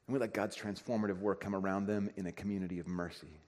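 A pastor preaching a conversational sermon, acting out everyday dialogue. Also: male voice, deep voice, fairly even intonation, fast talker, darkish tone. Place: church sanctuary. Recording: reverberant church hall.

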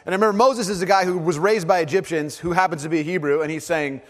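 A man preaching a sermon to a live congregation, conversational in tone, dropping to soft, low emphasis on key phrases. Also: fairly even intonation, quick pace. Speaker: pastor. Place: large hall with audience. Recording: long hall reverb.

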